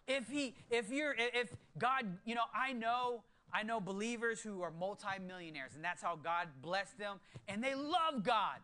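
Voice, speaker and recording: Excitable high-voiced male preacher. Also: normal speed, hardly any pauses. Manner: swings from hushed earnest low tones to excited bursts. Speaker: pastor. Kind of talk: sermon.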